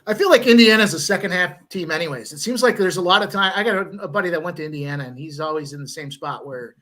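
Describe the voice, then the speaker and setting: Bright, higher-voiced man co-hosting a stream. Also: lively intonation, quick pace. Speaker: co-host. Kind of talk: casual live-stream chat.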